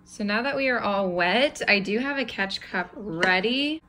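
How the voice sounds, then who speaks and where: A woman's voice: medium pitch, expressive, unhurried, background noise. Chatty woman cooing to a spider. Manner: chatty, talks softly and coos to the spider. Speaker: tarantula keeper. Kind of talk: casual vlog.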